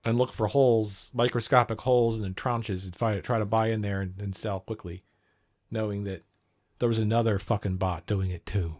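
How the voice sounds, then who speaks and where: A man's voice: fairly low pitch, fairly even intonation, normal speed, a little mellow. Man, livestream host, profane, jokey, rambling reaction talk.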